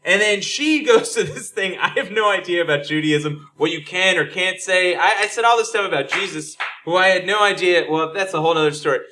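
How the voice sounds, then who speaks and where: A high, bright-voiced man telling a loose comedy podcast story. He breaks into laughter often and restarts his sentences as he goes. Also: brisk, few pauses, slight background noise. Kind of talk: casual storytelling chat.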